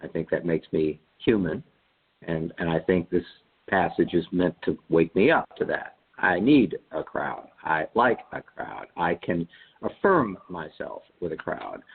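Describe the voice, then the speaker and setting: Husky-voiced man reflecting over a phone line. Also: sits low, very animated, unhurried. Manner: thinking aloud with frequent restarts. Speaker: panelist in a Bible study call-in. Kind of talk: reflective casual discussion.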